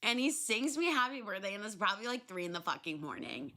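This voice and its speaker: A young adult woman hosting a podcast, telling stories in a loose, animated way, swearing freely and filling pauses with ums and likes. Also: mid-range voice, background noise. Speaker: podcast host. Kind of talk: casual solo storytelling.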